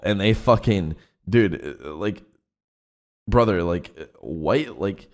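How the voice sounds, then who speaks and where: Deep-voiced young man rambling casually. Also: lively intonation, slow pace. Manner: laid-back, rambling, swears a lot, heavy fillers. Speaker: streamer and roleplay group leader. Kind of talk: casual out-of-character chat.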